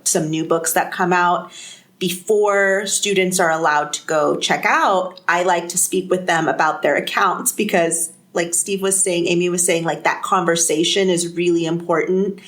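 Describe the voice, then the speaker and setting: A woman school librarian speaks as a podcast guest, her voice sitting somewhat low for a woman. She talks in a casual, chatty way and laughs lightly now and then. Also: fairly bright tone. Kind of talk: podcast conversation.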